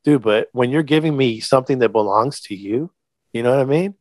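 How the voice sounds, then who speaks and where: A man's voice: medium pitch, a little fast, a little mellow, no echo. Earnest middle-aged man, dry close mic. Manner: earnest, emphatic, swears casually. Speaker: podcast guest. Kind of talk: candid storytelling.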